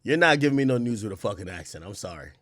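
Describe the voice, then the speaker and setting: A man's voice: fairly low pitch, sing-song, rapid-fire, a bit bright, no room sound. A man in his thirties giving blunt, profane commentary as he reacts to news clips, laughing often.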